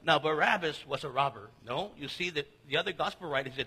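A man's voice: a little high, lively intonation, quick pace, sharp tone, husky. A man preaching a sermon with Bible teaching, telling stories animatedly with jokes and asides. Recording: long hall reverb.

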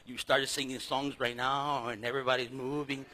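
A middle-aged man from a Spanish-speaking background teaching a Bible study, talking in a lively, casual way that swings between loud and soft and calling listeners "man" and "dude.". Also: medium pitch, moderate pace. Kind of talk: sermon.

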